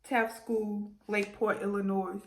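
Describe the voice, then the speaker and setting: Excitable woman vlogging in an echoey room. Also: medium pitch, a little slow. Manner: goofy, excitable, emotional, jokey. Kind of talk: casual unboxing vlog.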